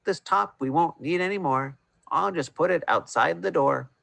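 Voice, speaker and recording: A man voicing a practical mother bear who speaks briskly and plainly. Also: on the high side, gravelly, a bit bright, no echo, pitched above the performer's own voice.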